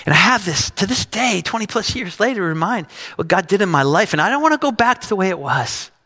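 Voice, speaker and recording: Bright-voiced male pastor preaching. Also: high-pitched, expressive, quick pace, big-room sound. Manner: storytelling with acted quotes and laughs. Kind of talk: sermon. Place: church stage.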